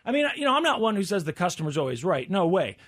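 A man in his forties in casual chat, an animated storyteller who acts out the people he quotes. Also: sits high, fast. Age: 40s.

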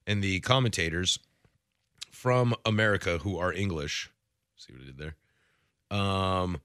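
A man's voice: deep voice, a little slow, pushed and bright, smooth, no room sound, studio quality. A man co-hosting a radio show, joking easily and laughing at himself in casual banter. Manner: jokey, laughs easily, self-mocking.

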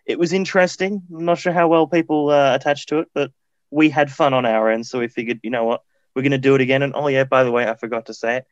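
A man's voice: medium pitch, fairly even intonation, fast, no room sound. A man presenting a radio show in an upbeat way, back-announcing songs and plugging the station. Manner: upbeat, presenter patter with plugs. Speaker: executive producer and radio presenter. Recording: dull, lo-fi, dry studio sound.

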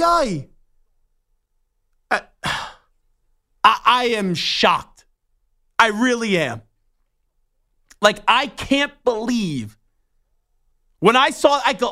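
A man's voice: very high-pitched, very animated, slow pace, long pauses, bright, forceful tone. A young adult man hosting a sports talk show, ranting in an indignant, worked-up way. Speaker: sports radio host. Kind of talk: heated talk-show rant.

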